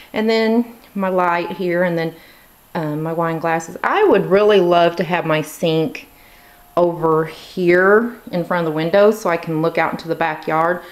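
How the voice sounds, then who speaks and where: A woman in her thirties giving a casual tour of her home kitchen, chatty with lots of ums and likes, a little out of breath, filming as she walks around. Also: low-pitched. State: slightly out of breath. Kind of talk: casual walkthrough narration.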